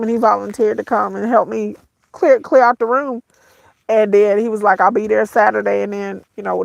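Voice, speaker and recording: A vlogger with a mid-range, gravelly voice tearfully shares a painful story with her viewers, whom she calls "y'all." There's no echo. Her speech is halting and repetitive, and her voice sometimes breaks.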